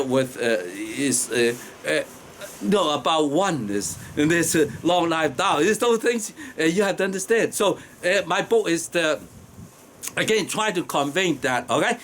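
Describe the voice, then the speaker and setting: Chuckling teacher with a strong accent. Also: male voice, fairly high pitch, fairly bright tone, slight background noise. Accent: strong non-native accent. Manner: hesitant with many fillers, chuckles often. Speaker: teacher explaining Tao Te Ching. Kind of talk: informal lecture.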